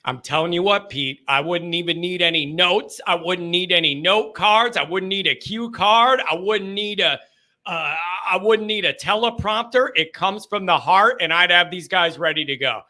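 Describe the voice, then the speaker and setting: A man hosting a live sports call-in show, excitable and loud, riffing and telling stories to his callers. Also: sits high, normal speed. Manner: hyped, loud, riffing storyteller.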